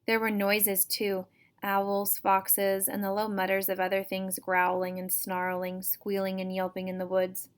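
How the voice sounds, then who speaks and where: Woman reading a storybook in a flat, steady voice. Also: mid-range voice, unhurried, clean tone. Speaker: teacher reading to students. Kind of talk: first-person storybook read-aloud.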